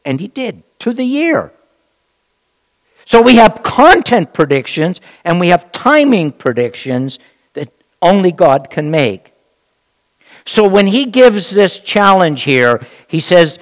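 A man's voice: high-pitched, big pitch swings. Emphatic preacher man in a reverberant hall. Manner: emphatic, rhetorical, with dramatic pauses. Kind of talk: sermon, Bible teaching.

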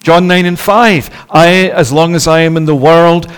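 A man delivers a sermon from the pulpit in a somewhat high voice. He speaks in an earnest, measured way, often pausing on "eh" between phrases. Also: steady tone, clean tone. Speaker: preacher.

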